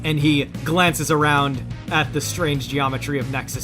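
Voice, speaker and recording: A man's voice: a little high, fairly even intonation, normal speed, music in the background. A man narrating a tabletop game as game master, describing action scenes.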